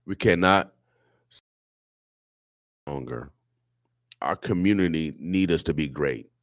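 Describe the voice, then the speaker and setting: A very deep-voiced man hosts a radio show and speaks in an impassioned, preachy way, circling back and repeating his points. His voice is recorded dry and close in a studio, with no room sound. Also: slow pace, no room sound. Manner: preachy, repetitive, emotional. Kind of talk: impassioned talk radio monologue.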